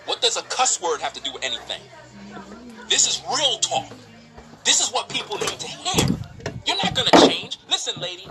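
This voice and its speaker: A man's voice: extremely high pitch, sharp tone, a little hiss or hum. A man preaching a profane, emphatic livestream sermon to women, scolding and mocking them. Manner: preachy, profane, emphatic, mocks others in quoted voices.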